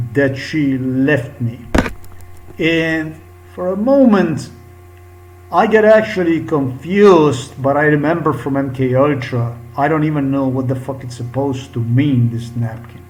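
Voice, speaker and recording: Upset man, slow and profane. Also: fairly high pitch, a little mellow, rough recording. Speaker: vlogger. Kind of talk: agitated monologue.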